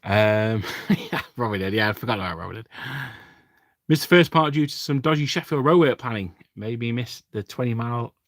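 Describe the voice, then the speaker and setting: A man from England chats casually with viewers on his livestream while painting miniatures. He rambles through his thoughts with plenty of fillers and small self-deprecating asides. The recording is dry and close, and his voice sits at an ordinary pitch. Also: expressive, a little fast, no echo. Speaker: livestream host.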